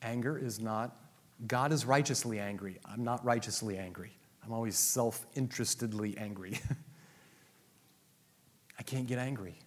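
Animated preacher man in an echoing hall. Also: mid-range voice, normal speed, pauses often. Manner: animated, humorous, acts out quotes. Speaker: pastor. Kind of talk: sermon. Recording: long hall reverb.

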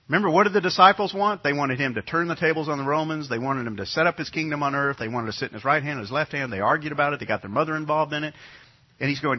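A man's voice: a little high, rapid-fire, slightly rough. A middle-aged man from New York preaching a sermon as pastor, talking in a conversational way and repeating his key phrases. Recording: dull lo-fi sound.

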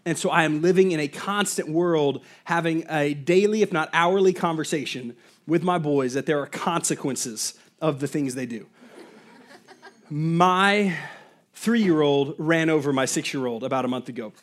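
Male pastor, thirties, sermon, lively storyteller, slightly high voice, casual fillers and asides. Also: normal speed.

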